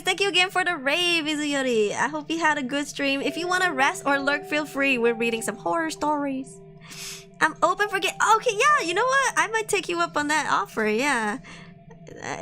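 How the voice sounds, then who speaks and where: A young woman streamer chats and reads with a playful, slangy manner, laughing often. Her voice is high. Music plays clearly underneath. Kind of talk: casual live-stream chat and reading.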